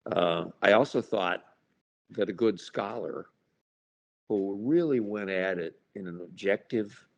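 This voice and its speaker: With a fairly low, creaky voice and a darkish tone, this man from the United States spins wry stories in a relaxed interview. He's an author and paranormal researcher who acts out little scenes, including party chatter.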